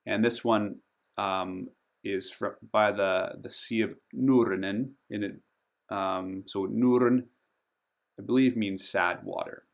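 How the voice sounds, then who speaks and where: A man hosting a pronunciation tutorial over a game map. He speaks slowly and carefully, draws out and stresses each name he teaches, and fills pauses with frequent ums. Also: on the low side, steady tone, creaky. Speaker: board game channel host.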